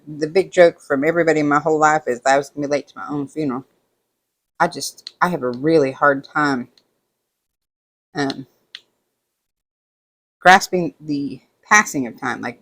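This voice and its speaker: A woman vlogger chatting casually while doing a craft at home, rambling through stories and acting out what others said. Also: deep voice. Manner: rambling storytelling, animated quoting of others. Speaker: diamond painting vlogger.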